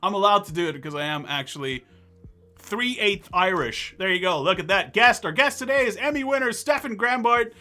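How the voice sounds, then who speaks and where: A man hosting a livestream talk show, excitable and animated, thanking chat viewers as he goes. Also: high-pitched, a little fast, faint music behind. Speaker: host.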